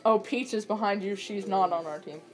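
A teenage girl hosting a casual racing-game video, chattering excitedly and shrieking at wins and crashes. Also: medium pitch, a little fast. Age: teens. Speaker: gamer host. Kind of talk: casual gameplay commentary.

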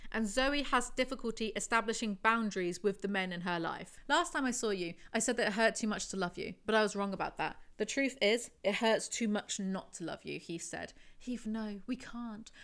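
A woman's voice: mid-range voice, a bit bright. A woman reads passages from a novel aloud and breaks off into sarcastic, exaggerated asides as a book reviewer. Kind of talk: reading aloud and commenting on a novel.

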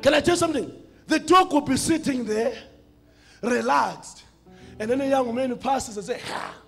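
A man from South Africa with a South African accent preaching a sermon, with rhythmic, half-sung, shouted phrases. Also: very high-pitched, moderate pace, creaky, breathy edge, faint music behind.

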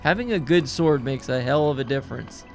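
A man giving excitable gameplay commentary, full of taunting trash talk aimed at the monsters he is fighting. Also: medium pitch, brisk, soft background music. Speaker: gaming YouTuber.

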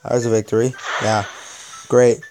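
A young man talks through a mobile game in a middle pitch, sounding exasperated and dryly sarcastic. Faint game music plays behind his commentary. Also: level tone, normal speed. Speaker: gaming video host. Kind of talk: casual gameplay commentary.

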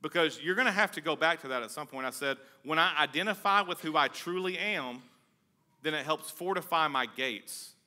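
A man, a pastor preaching a conversational sermon with a casual, joking, energetic manner. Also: fairly high pitch, normal speed.

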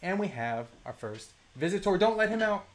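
A live-stream host talking casually about toy collecting at a home desk mic, chatty, mildly profane and quick to laugh. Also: medium pitch, big pitch swings. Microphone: desk microphone.

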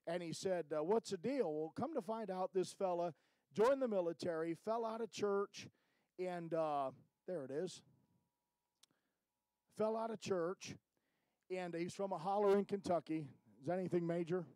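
A man's voice: high-pitched, normal speed, dark tone, no echo, low-quality recording. A middle-aged man, a missionary church planter, giving a folksy, informal report to a church and often tagging his lines with "amen?".

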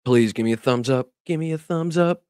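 A political livestreamer chats casually with his audience, often laughing and cursing whenever something bugs him. He speaks briskly at medium pitch with a smooth, darkish tone, and the studio-quality recording has no echo.

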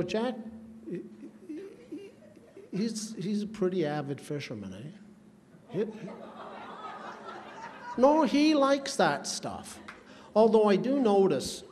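A man whose voice is high and a little mellow tells rambling, folksy comic stories to tease the guest of honor at a charity roast. The recording has a long hall reverb and faint room noise.

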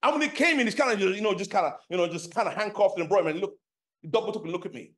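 A middle-aged man from London preaching a sermon, telling a personal story with lively acted-out dialogue and many fillers. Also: sits high, rapid-fire. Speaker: pastor.

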